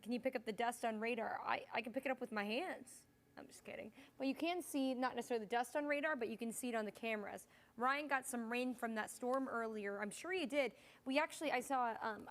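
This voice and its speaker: Tired, chatty woman meteorologist. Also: fairly high pitch. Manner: chatty, reads viewer comments, yawning and apologizing. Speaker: meteorologist, fill-in host. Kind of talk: casual live weather stream.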